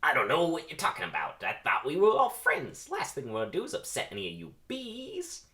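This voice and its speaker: A man voicing a blustering male crook in a squeaky, shouting voice, reading a cartoon script aloud. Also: huge pitch swings, brisk, full character voice. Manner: squeaky and yelling.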